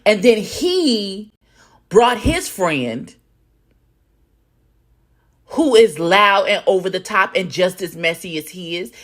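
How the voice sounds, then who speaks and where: A woman, commenting loudly and profanely as she reacts to a reality show. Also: medium pitch, takes it slowly, long pauses. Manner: loud, profane, animated, talks back at the screen. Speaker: reaction video host.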